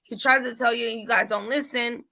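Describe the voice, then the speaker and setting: A mother in casual chat, telling an animated story and acting out her son's voice. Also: on the high side, fairly quick, gravelly.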